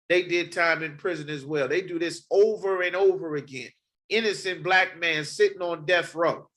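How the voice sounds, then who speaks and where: A man's voice: high voice, sharp tone, poor audio. A man preaching a sermon, reading scripture aloud and repeating his points emphatically. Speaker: street preacher.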